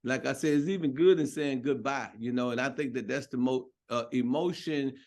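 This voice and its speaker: A man in casual conversation, giving advice in a measured way. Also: medium pitch, darkish tone.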